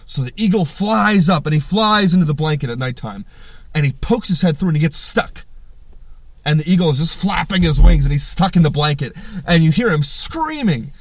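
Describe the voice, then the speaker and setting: A man's voice: on the high side, moderate pace, dry recording. Male podcast host, loose and profane storyteller, close dry sound. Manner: animated, swearing, jumps into voices. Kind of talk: casual storytelling chat.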